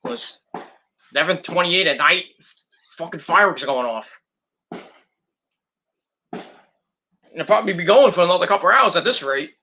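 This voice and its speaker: Male podcast host, casual profane rant, bright sharp tone, animated delivery. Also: high-pitched, measured pace, pauses often. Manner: blunt and profane, with frequent fillers. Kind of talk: casual ranting monologue. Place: at home at night, indoors.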